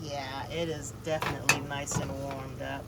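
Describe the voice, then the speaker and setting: A woman's voice: extremely low pitch, flat delivery, moderate pace, very noisy. A woman chatting casually through an off-grid cooking vlog, describing her food and talking to her pets. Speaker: vlogger. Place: living off grid, in or by a vehicle.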